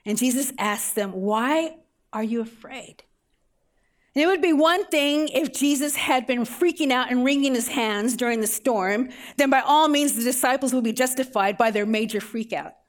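A woman's voice: sits high, normal speed, few pauses. A middle-aged woman preaching a sermon as a pastor, telling the story with everyday examples and rhetorical questions.

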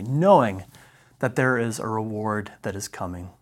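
A male Bible teacher in the middle of a lesson, working through a passage point by point. He speaks in short, measured phrases and leans on key words, with pauses between them. He reads the verses aloud in the same steady manner. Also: medium pitch.

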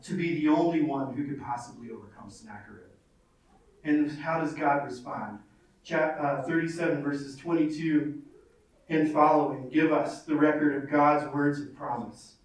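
A man preaching a sermon in earnest, reading scripture aloud and repeating phrases for weight. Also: fairly high pitch. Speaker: pastor. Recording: very echoey, from far off.

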